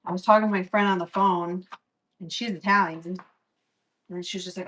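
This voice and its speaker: A young woman chatting casually as she cooks in her home kitchen, swearing freely and telling stories in a lively way. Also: fairly low pitch, brisk, low-quality recording. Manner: chatty, profane, animated storytelling. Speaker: vlogger. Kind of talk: casual cooking vlog chat.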